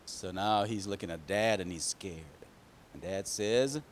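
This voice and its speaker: A man telling a picture-book story to children, pausing to ask them questions. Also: low voice, slight background noise. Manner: animated, asks the children questions.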